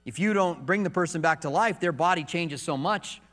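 A man preaching a sermon as pastor, moving between soft, hushed confiding and raised, emphatic preaching in a church sanctuary. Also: on the high side, fairly quick. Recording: long reverb of a large hall.

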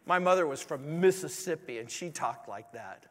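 A pastor preaches a sermon in a fairly high-pitched, expressive voice at a moderate pace, earnest and pleading. He asks many rhetorical questions, and the recording has a long hall reverb.

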